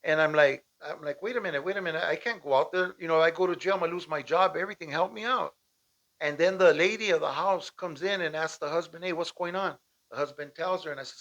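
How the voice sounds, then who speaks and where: A man from Southern California telling a personal story in a casual, animated way, often asking "right?" and acting out shouted lines. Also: a little high, fast talker. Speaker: storyteller recounting a personal escape. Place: at home with dogs nearby.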